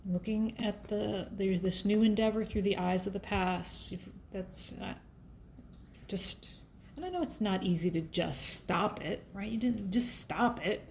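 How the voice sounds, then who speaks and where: A woman's voice: mid-range voice, unhurried, creaky, a little hiss or hum. A woman giving a casual, emotional tarot reading, thinking aloud as she shuffles and pulls cards. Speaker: tarot reader.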